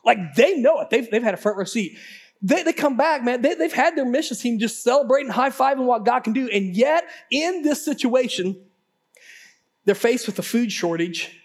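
High-voiced male pastor preaching. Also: normal speed. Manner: conversational and animated, repeats words when excited; talks straight to the congregation. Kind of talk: sermon.

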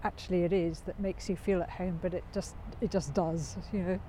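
A friendly interview host with a mellow, warm tone asks questions in a relaxed conversation. The voice sits at a middling pitch and the delivery is encouraging, with frequent laughter. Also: a little fast, slight background noise.

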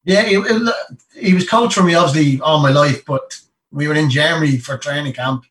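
A man's voice: a little high, normal speed, a bit bright, distant mic, rough recording. Chatty Irish man, a bit off-mic. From Ireland. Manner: rambling, full of "you know what I mean". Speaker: interview guest, retired Olympic boxer. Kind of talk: casual storytelling interview.

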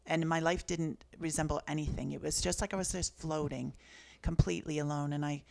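A woman's voice: low-pitched, steady tone, fairly quick, creaky. A woman in her fifties from Canada, an author and guest who shares personal stories in an earnest, reflective way. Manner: earnest, reflective, soft-spoken. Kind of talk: personal storytelling in conversation.

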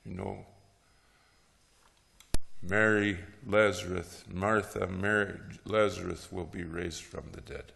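A man teaching a class on preaching, with a gravelly, low-pitched voice. He talks slowly and tells stories in a lively way, tossing in "huh?" asides. His voice echoes with a long reverb through a hall. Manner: lively storytelling, frequent "huh?" tags and chuckles. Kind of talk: lecture on preaching with Bible stories.

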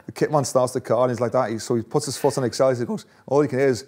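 A man's voice: mid-range voice, fairly even intonation, very fast, heavy background noise. A man, a former footballer, telling stories in a casual interview, laughing often. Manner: chatty, laughs often, restarts phrases.

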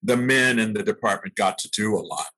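A man's voice: lowish voice, a little fast, pushed and bright, husky, low-quality recording. An older man, an actor being interviewed, telling stories of his early training, reflective and laughing at himself now and then. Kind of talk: storytelling in an interview.

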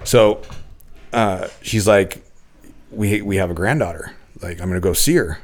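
A man's voice: low-pitched, a little slow. A man in his thirties telling his own story in casual podcast talk, blunt and full of cursing and restarts.

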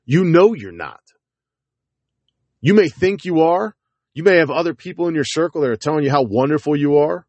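A man's voice: animated, moderate pace, long pauses, no echo. Blunt, profane man ranting to camera. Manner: blunt, profane, hammering short repeated phrases; alternates forceful jabs with low, gruff asides. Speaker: parent addressing viewers. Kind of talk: heated direct-to-camera monologue.

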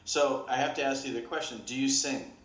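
A man's voice: medium pitch, fairly even intonation, a little fast, fairly bright tone, roomy sound. A middle-aged man interviewing a guest on a podcast in a genial, joking way. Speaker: interviewer, radio veteran.

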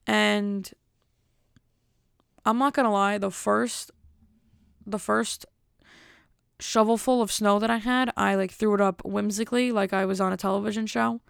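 Gravelly young woman telling a story. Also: mid-range voice, fairly even intonation, a little slow, pauses often, no echo, clean studio sound. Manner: rambling, filler-heavy, exasperated retelling. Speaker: vlogger. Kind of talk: casual storytelling.

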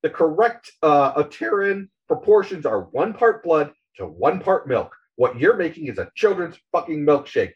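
A man's voice: on the high side, big pitch swings, moderate pace, hardly any pauses, lo-fi sound. A man voicing a cynical male journalist who rants angrily and swears at people. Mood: ranting. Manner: angry ranting, profane.

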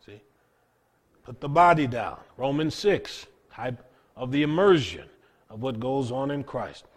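A man's voice: medium pitch, expressive. Earnest male preacher, emphatic sermon. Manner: earnest, emphatic preaching with dramatic pauses and repeated words.

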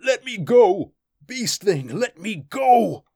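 A man voicing a fierce, cruel and boastful barbarian warrior in a story reading, shouting in a raised voice. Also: fairly low pitch, sing-song, a little slow, no echo, studio quality, voice pushed up. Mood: panicked. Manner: loud, raised shouting delivery.

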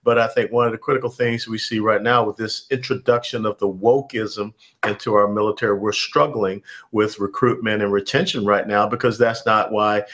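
A man in his sixties speaks with a Southern American accent. His voice sits fairly low, and his delivery is measured and formal. He pauses often with "uh" as he answers interview questions. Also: fairly even intonation, a bit bright. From Atlanta, Georgia, USA. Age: 60s. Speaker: guest.

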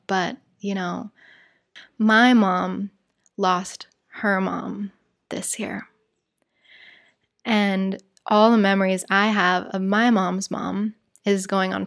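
Chatty woman with vocal fry. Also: mid-range voice. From United States. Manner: rambling, chatty, lots of "like" and "you guys". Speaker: podcast host. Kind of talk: casual personal storytelling.

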